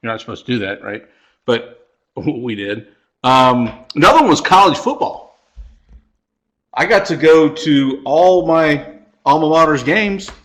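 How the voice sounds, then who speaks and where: A man's voice: a little high, expressive, a little slow, pauses often, poor audio. A man hosting a podcast in a casual chat, asking his co-hosts questions and chuckling along. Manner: chatty, prompts others with questions, chuckles often. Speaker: podcast host.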